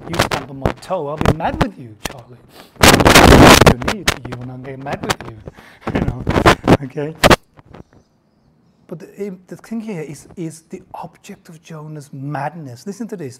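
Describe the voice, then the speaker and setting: A man preaching a sermon in an emphatic, conversational way, often pausing for effect. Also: a little high. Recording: loud background noise.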